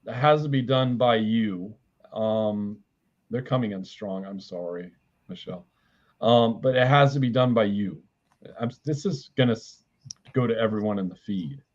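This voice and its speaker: A man's voice: lowish voice, moderate pace, darkish tone, dull audio. A man giving a live spiritual reading and healing, talking bluntly with frequent swearing and restarts. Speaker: spiritual reader and healer.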